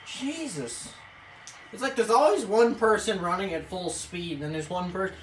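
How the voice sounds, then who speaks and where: A woman commentating her own video game play, excitable, swearing and yelling at the screen. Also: medium pitch, moderate pace. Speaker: gaming video creator. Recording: echoey room, off-mic, faint hiss.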